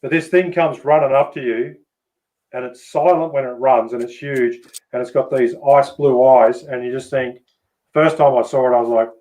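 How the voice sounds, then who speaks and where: A man with an Australian accent chatting casually as host, relaxed and swearing freely. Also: medium pitch, moderate pace, low-quality recording. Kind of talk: casual chat.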